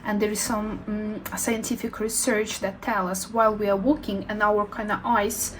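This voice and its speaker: A woman in a casual health vlog, sharing her own experience in thoughtful, non-native English phrasing with frequent pauses and fillers. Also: medium pitch, flat delivery, slight background noise, rough recording. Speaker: health vlogger. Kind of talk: casual talking-head vlog.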